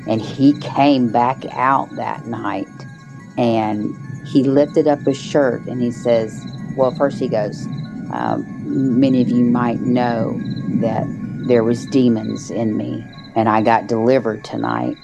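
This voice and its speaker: A woman telling a personal story as a guest storyteller, in a halting casual way with frequent restarts and fillers. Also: extremely low pitch, gravelly, poor audio. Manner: halting, with many restarts and "you know"s.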